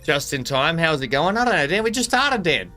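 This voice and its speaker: An excitable male streamer rambles through live gameplay commentary, laughing often. His voice is bright and forceful, with faint game music underneath. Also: a little high, brisk.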